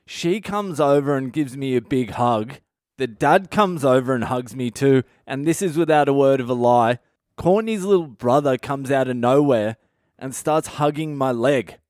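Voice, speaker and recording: A man, a comedian hosting his own podcast, telling a profane, animated story from his past. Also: medium pitch, moderate pace, smooth, no echo, clean studio sound. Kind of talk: storytelling monologue.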